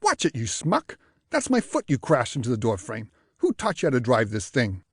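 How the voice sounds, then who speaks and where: A man's voice: medium pitch, huge pitch swings, breathy edge, dry recording, clean studio sound, full character voice. Man doing a grumpy old New York jazzman. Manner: loud, grumbling, quick retorts.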